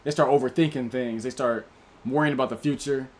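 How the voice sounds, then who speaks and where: A man's voice: mid-range voice, fairly even intonation, fairly quick. A man hosting a casual livestream, reading out viewers' names and chatting in about their movie picks. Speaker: livestream host.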